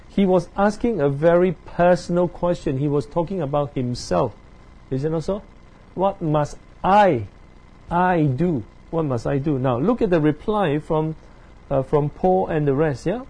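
A man teaching a Bible study, reading verses aloud and explaining them in a halting way, with many fillers and tag questions. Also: a little high, warm tone, breathy edge. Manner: reads scripture aloud then explains.

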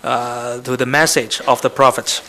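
Bright-voiced man preaching in short phrases. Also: medium pitch, level tone. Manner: short phrases paused for the interpreter. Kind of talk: sermon with live interpretation.

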